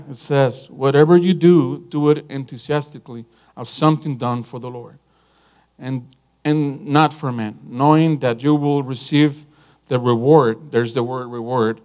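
A middle-aged man preaching a sermon in an animated, emphatic way, telling stories to a congregation. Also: fairly high pitch. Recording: guitar and piano music underneath.

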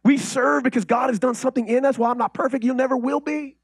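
Animated man preaching, husky and high. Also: fast talker, dry recording. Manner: animated, swings from loud declarations to quiet intimate asides; conversational, with frequent restarts and rhetorical questions. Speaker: pastor. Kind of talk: sermon.

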